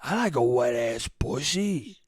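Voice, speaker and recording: A man voicing a creepy, lecherous old Italian man in a slow, leering drawl. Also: mid-range voice, lively intonation, breathy edge, no echo, clean studio sound, voice pushed down.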